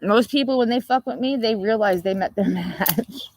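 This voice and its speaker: A woman hosting a casual livestream, telling a story in a profane, animated way and laughing often. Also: fairly high pitch, normal speed, no echo. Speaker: livestream host.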